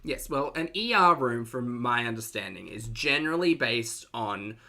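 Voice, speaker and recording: A man with an Australian accent gives live-stream reaction commentary in a sarcastic, chatty way. His voice sounds bright and forward, and he reads out messages from viewers as he goes. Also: mid-range voice, animated, moderate pace, vocal fry.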